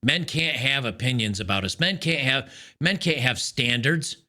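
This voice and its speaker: A man talks to his viewers in a loose solo commentary, his voice bright and a little forceful. He sounds fed up and keeps stopping to restart his sentences, but the delivery stays casual, like an ongoing rant. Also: medium pitch, animated, moderate pace. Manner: frustrated, ranting, many restarts. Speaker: podcast host.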